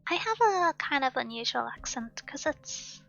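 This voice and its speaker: Bright high British woman streamer. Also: big pitch swings, moderate pace, creaky. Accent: near-standard British with a Welsh lilt. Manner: musing, thoughtful, talks with many asides. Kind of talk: casual chat on a live stream. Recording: dull lo-fi stream audio with faint music.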